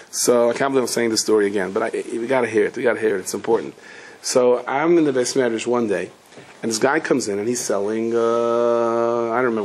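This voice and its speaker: A man's voice: medium pitch, breathy edge. A rabbi giving a storytelling sermon, talking to his audience in a casual, joking way and answering his own questions. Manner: conversational, humorous, asks the audience questions and answers them.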